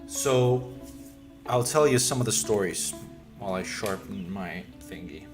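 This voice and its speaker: A man's voice: fairly low pitch, animated, measured pace, echoey room, over music. A man casually retelling a story while drawing on a livestream, rambling and digressive. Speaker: streamer. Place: room with reverb.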